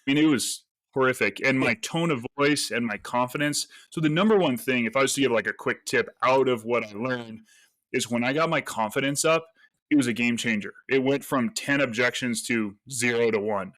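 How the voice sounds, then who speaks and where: A man, a real estate agent, telling stories as a podcast guest in a lively, casual way and acting out the lines he quotes. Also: mid-range voice, a little fast, no echo. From United States. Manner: animated storyteller, acts out quoted voices. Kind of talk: casual interview talk.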